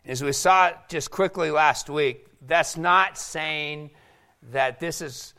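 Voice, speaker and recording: A man delivers a sermon with an animated, bright voice that sits a little high. He acts out the quoted voices as he talks. He is from Seattle. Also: takes it slowly. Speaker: pastor.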